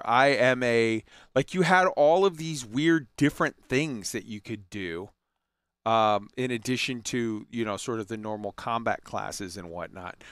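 A man chats about games in a loose, rambling way, full of fillers and the odd curse. His voice is smooth and clear. It sits at a middle pitch, recorded close and dry. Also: fairly bright tone, dry recording. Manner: rambling, profane, enthusiastic, many fillers and restarts. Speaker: gaming commentator. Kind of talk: casual chat.

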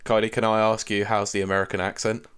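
A man hosting a casual interview, joking and asking quick questions. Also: fairly low pitch, flat delivery, clean tone. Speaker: host. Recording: loud background noise and clicks.

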